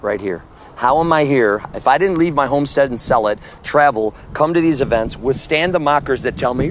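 A man's voice: medium pitch, lively intonation, fairly quick, a little hiss or hum. A man preaching fervently in the street to one listener, firing rhetorical questions and condemnations. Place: outdoors at a public event.

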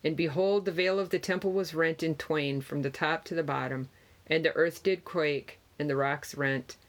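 A reader giving a Gospel passage in archaic wording, steady and measured with small stumbles. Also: medium pitch. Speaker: scripture reader.

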